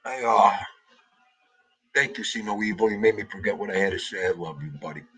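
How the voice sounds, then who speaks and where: A man's voice: on the low side, fairly quick, fairly bright tone, breathy edge, poor audio. A middle-aged man hosting a livestream, grieving and tearful as he greets viewers by name in a heartfelt way. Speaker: livestream host.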